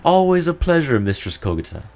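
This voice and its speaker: A man voicing a friendly, smooth-talking young merchant, reading game dialogue aloud in a chatty, ingratiating way. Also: on the high side, big pitch swings, fairly quick, darkish tone, pitched above the performer's own voice.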